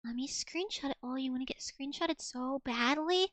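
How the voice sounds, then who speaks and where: A woman streaming as a VTuber talks in a high voice, rambling through casual chat full of fillers and self-corrections. The sound is dry and close, with no room around it. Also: normal speed, a bit bright, no room sound. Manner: rambling, filler-heavy, many restarts.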